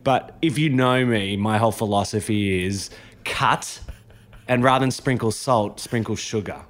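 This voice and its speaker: A man's voice: fairly low pitch, a little slow. A man guesting on a casual podcast recorded in a garage, talking in a laid-back, teasing way. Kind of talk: casual chat. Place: home garage.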